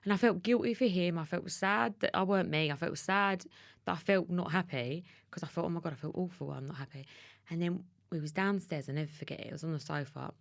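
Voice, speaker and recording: A woman's voice: fairly low pitch, a little fast, creaky, no echo, studio quality. A woman in her thirties with an Essex accent, a podcast guest telling a personal story in an emotional, tumbling way with restarts. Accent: Essex English. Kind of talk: candid conversational interview.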